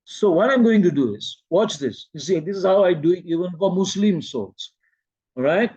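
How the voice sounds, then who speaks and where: Malaysian male workshop trainer, slightly high and mellow, slow and soothing delivery, dull lo-fi sound. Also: expressive, husky, dry recording. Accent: Malaysian English. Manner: slow, soothing, drops to near-whispers when guiding breathing. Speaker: meditation and presentation trainer. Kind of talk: workshop teaching with guided demos. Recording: dull lo-fi recording.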